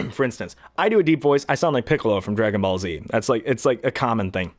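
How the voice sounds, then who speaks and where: A man with a baritone voice, a hobby voice actor chatting casually, who rambles and often clears his throat. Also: lively intonation, fast talker, no room sound. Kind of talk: casual talk to camera.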